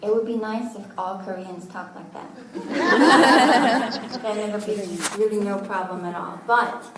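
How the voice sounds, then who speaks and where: Speaking slowly but with animation, a woman with a mid-range voice teaches a language class, patiently splitting words into syllables and making good-humored side comments. The recording is distant and echoey, with background noise.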